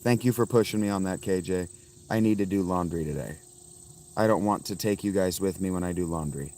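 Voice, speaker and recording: A man in his fifties rambles casually to his livestream viewers, reading out their names as he goes. His voice sits a little low, and he talks from a phone outdoors with crickets chirping behind him. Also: brisk, darkish tone, a little hiss or hum. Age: 50s. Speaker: livestream host. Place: outdoors by a fountain.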